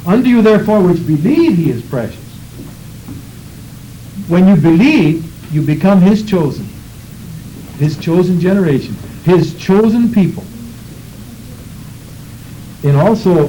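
Male preacher, fervent sermon, high lively voice, mellow tone, faint hiss. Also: measured pace, long pauses, rough recording. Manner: fervent, rhythmic preaching with scripture reading.

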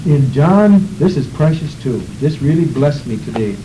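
A man's voice: on the high side, expressive, normal speed, few pauses, noisy background. A man preaching a sermon in a church, reading scripture aloud and praying with fervent, rhythmic emphasis.

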